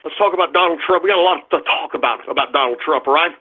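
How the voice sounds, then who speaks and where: A man's voice: on the high side, fast talker, breathy edge. A man hosting a political talk radio show, ranting angrily and cursing at online trolls. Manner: ranting, profane, combative, shouting at trolls. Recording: tinny phone-like lo-fi sound.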